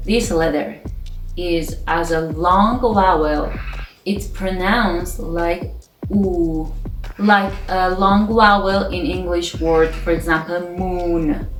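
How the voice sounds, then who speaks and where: A woman whose first language is Persian, teaching the alphabet in English, calmly explaining each letter step by step. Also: on the low side. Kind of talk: slow, patient alphabet lesson. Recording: echoey room with faint music.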